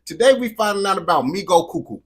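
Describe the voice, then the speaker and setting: An American man hosting a reaction video, talking in a slangy, profane, animated way. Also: high-pitched, quick pace, slightly rough. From United States. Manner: slangy, animated, swears constantly. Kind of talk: profane casual reaction commentary.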